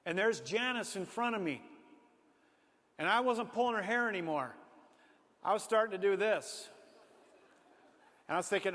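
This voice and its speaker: A man from Minnesota telling a personal story to an audience with animated, self-mocking humor. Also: high-pitched, moderate pace, long pauses. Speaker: speaker. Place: large hall before an audience. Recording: reverberant hall.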